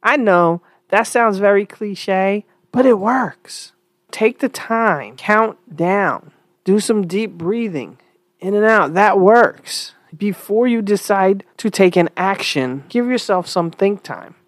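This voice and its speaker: A woman giving an earnest spoken commentary, asking rhetorical questions with sighs and lively pitch swings. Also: unhurried, dry recording.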